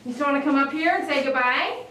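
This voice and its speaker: In a grooming salon, a woman grooms a dog on a live stream, cooing and praising it in baby talk. She is the channel host, and her high voice moves at a quick pace. The room is echoey, the mic sits some distance away, and there's a lot of noise.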